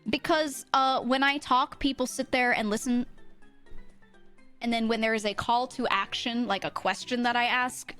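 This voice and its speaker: A woman streamer, chatting fast and casually with her chat, swearing freely and laughing often, in a mid-to-low register. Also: steady tone, fairly bright tone, smooth, faint music behind.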